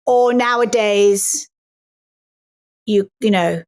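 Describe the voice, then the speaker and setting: A middle-aged English actress chatting playfully in an interview, animated and fond of slipping into mimicry. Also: female voice, medium pitch, extremely slow. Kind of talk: casual interview chat.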